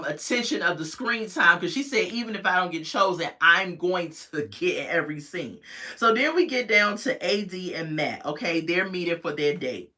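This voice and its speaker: A woman recaps a reality show for her live-stream viewers in a loose, chatty way. Her voice is bright and clear. She laughs often as she retells the scenes. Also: on the low side. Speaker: show reviewer.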